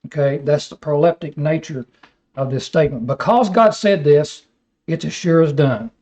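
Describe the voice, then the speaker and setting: A man's voice: a little high, moderate pace, warm tone. A man teaching a Bible study lecture, reading scripture aloud and then explaining it with rhetorical questions. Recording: dull lo-fi recording.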